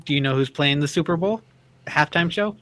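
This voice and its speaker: A man's voice: a little high, a little fast, a bit bright, no room sound. A man co-hosting a radio show, chatting in an easygoing way with frequent fillers. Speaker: radio co-host. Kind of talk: casual talk radio chat.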